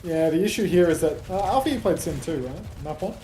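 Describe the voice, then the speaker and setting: A man's voice: a little high, lively intonation, a little fast, mellow, slight background noise. Dry-humored man calling play. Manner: dry, sarcastic jokes. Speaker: esports play-by-play caster. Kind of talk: esports play-by-play commentary.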